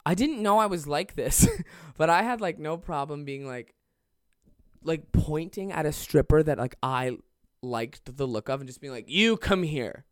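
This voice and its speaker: A man's voice: a little high, moderate pace, no echo, clean studio sound. A young man telling a comedic story on a podcast, rambling and swearing, laughing as he goes. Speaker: podcast host.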